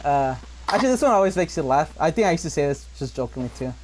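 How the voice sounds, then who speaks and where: A man's voice: on the high side, very animated, quick pace, noisy background. A man hosting a casual podcast, swearing freely and laughing often. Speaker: podcast host. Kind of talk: casual chat.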